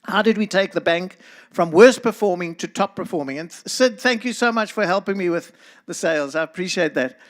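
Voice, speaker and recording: A middle-aged man with a South African accent speaks to a congregation in an earnest, preacherly way. His voice sits fairly high for a man, and he turns now and then to address people in the room by name. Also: fairly quick. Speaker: guest speaker. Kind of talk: church talk to a congregation.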